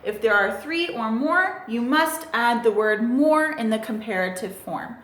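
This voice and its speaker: A woman's voice: a little high, lively intonation, unhurried, few pauses, a bit bright. A woman teaching English grammar in a recorded lesson, patiently spelling out letters and asking the listener questions. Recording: echoey room.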